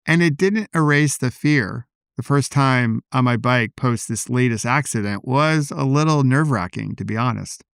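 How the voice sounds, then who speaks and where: A man hosting a solo podcast, talking in a calm, personal, reflective way into a podcast microphone. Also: medium pitch, creaky, smooth, dry recording, clean studio sound. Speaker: podcast host.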